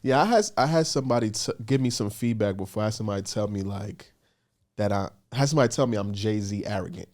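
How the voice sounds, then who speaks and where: A man's voice: fairly low pitch, fast talker, a little mellow. A man who is a guest on a casual podcast conversation, speaking candidly and emphatically about himself.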